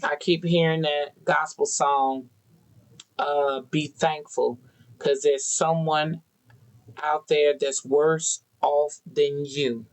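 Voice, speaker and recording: A tarot reader gives a spiritual card reading, addressing unseen viewers directly in an earnest, preachy manner full of repetition. The mid-range voice is flat and slow, captured in a rough recording.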